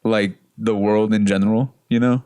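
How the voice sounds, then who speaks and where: Young guy co-hosting a podcast, real deep smooth voice, laid back, lots of "like". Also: normal speed, no echo, clean studio sound. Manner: relaxed, filler-heavy storytelling. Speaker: podcast co-host. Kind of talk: casual podcast chat.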